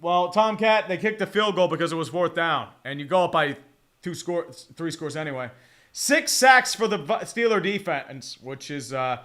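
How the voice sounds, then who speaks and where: High, bright-voiced profane streamer man. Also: expressive, moderate pace. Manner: rambling, profane, chatty with viewers. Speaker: streamer hosting a game watch-along. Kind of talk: casual live-stream chat and play-by-play.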